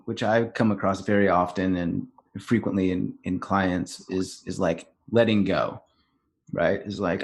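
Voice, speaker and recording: A man's voice: low-pitched, a little slow. A man hosting a podcast, speaking casually and enthusiastically in a slangy, friendly way. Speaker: podcast host. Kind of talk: casual conversational interview.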